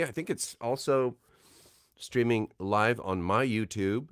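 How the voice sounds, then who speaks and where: Man, lowish smooth voice, dry close sound, rambling casual stream-host patter full of fillers. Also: a little slow, dry recording. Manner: chatty, filler-heavy, reading names and comments from chat. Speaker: voice actor hosting a livestream signing. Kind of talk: casual livestream chat.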